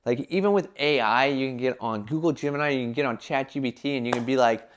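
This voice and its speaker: A young man giving casual business advice in a vlog, talking animatedly and filling his talk with "like" and quick acted-out quotes. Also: medium pitch, a little hiss or hum. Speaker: entrepreneur giving brand advice.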